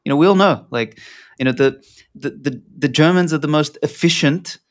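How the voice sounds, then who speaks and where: A man's voice: on the high side, normal speed. Blunt, rambling man in an interview. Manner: rambling, filler-heavy, blunt with casual swearing. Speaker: podcast guest. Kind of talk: casual interview talk.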